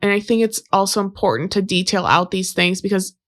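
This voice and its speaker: A woman's voice: mid-range voice, brisk, a bit bright. A young adult woman telling a personal story about a relationship in a casual, conversational way, with many fillers and quoted exchanges. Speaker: podcast guest.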